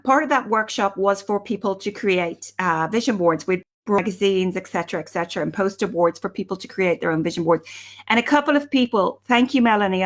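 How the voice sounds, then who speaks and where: A woman's voice: medium pitch, a bit bright. Chatty woman on a live stream. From Ireland. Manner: chatty and upbeat, greets viewers by name mid-sentence. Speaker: self-help speaker hosting a live stream. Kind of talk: casual live-stream talk. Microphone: webcam or phone live stream.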